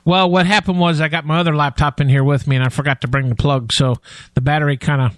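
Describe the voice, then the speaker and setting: A man co-hosting a podcast keeps up a teasing, laughing banter in casual chat. His voice sits a little high. The sound is dry and close, with no room in it. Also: steady tone, fast, fairly bright tone, dry recording. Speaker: podcast co-host.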